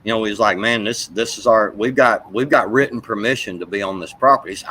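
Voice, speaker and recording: A man's voice: on the low side, fast, bright, forceful tone, slight background noise, poor audio. Profane rambling man telling a story. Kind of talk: casual chat.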